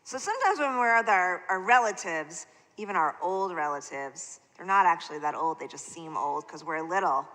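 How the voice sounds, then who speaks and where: A woman's voice: fairly low pitch, moderate pace, hardly any pauses. A woman leading a service, speaking playfully and with animation to children in a synagogue sanctuary. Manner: playful, animated, talking to kids. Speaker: service leader. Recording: echoey sanctuary reverb.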